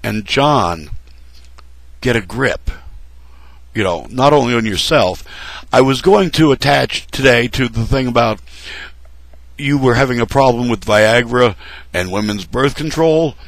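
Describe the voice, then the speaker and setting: A man rants slowly and sarcastically, scolding politicians as if they sat across from him. His voice is gravelly and full of fry. The sound is dry and close, with no room around it. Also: medium pitch, lively intonation, dry recording, low-quality recording. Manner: sarcastic, scolding, addresses candidates directly. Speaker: political commentary vlogger. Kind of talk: ranting political commentary to camera.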